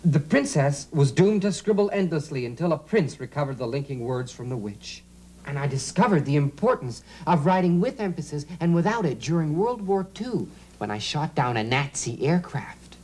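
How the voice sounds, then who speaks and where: A pompous aristocratic lord and boastful war hero, declaiming grandly in a 1970s educational TV sketch. His pitch rises and falls in broad, lively sweeps. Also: moderate pace, poor audio. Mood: narrating. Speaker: narrator of a TV sketch.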